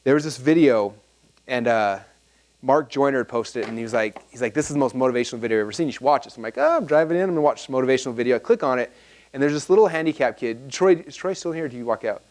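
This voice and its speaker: A man in his thirties giving a live seminar to an audience in a fast, animated, rambling way, full of fillers and restarts. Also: mid-range voice. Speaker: marketing seminar speaker.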